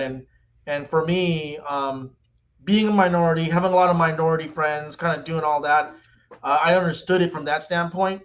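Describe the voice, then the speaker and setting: A man in his fifties with a somewhat high voice, speaking as a guest on a podcast. He pitches his company's product through lively, animated storytelling. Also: moderate pace. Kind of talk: podcast interview.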